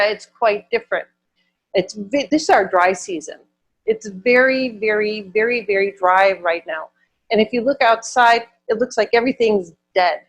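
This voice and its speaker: A woman from Wisconsin, a minister giving a conversational Sunday sermon, repeating words for emphasis. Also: a little high.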